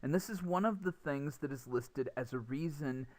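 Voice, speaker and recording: A man's voice: a little high, normal speed, darkish tone. A young man teaching a recorded English pronunciation lesson, explaining patiently and often repeating words as he restarts.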